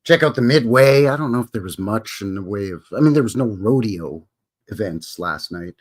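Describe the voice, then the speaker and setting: Animated and fairly low-pitched, this Albertan with a Canadian accent chats at a moderate pace on a casual live stream. He drifts along in a folksy, rambling way, saying hi to viewers by name.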